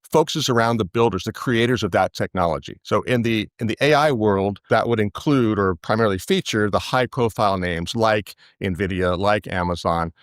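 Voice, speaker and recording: A man's voice: lowish voice, normal speed, few pauses, no echo, studio quality. A man giving interview answers as an investment analyst, thoughtful, often restarting his phrases. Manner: thoughtful, with frequent restarts and repetitions.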